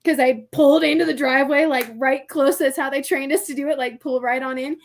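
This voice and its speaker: Chatty and animated, a woman on a podcast relates a story at a fairly quick pace in her high, light voice. She keeps laughing, peppers her speech with "like" and "I'm like," and slips into small voices for the people she quotes.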